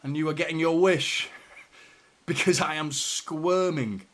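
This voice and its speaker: A young man hosting a live football watchalong, swearing often and swinging between anxious muttering and shouted celebration. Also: a little high, steady tone, moderate pace. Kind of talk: live match reaction commentary.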